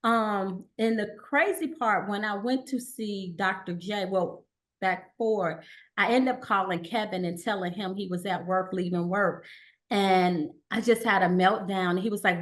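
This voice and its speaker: A woman guest on an interview show, telling her personal story in a halting way with restarts and quoted dialogue. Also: medium pitch, fairly even intonation. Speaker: guest, cancer survivor.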